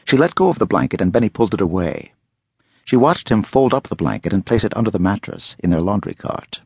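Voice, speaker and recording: A male audiobook narrator tells a gritty thriller with expressive, dramatic delivery. His voice is gravelly and husky, and it swoops through a wide range. The recording is dry and close. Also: on the low side, fast talker, dry recording.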